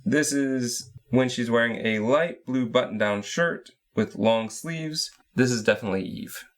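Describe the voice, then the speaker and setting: A man's voice: medium pitch, a little slow. A man co-hosting a podcast, casually walking through a story game point by point and laughing along. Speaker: podcast co-host.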